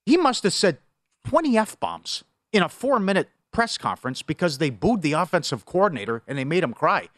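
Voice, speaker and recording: A middle-aged man hosting a sports betting talk show, his slightly high voice leaping up and down as he spins stories. The sound is dry and close to the mic. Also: normal speed, no room sound. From Superior, Wisconsin. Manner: animated storyteller, big pitch swings. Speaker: sports betting radio host.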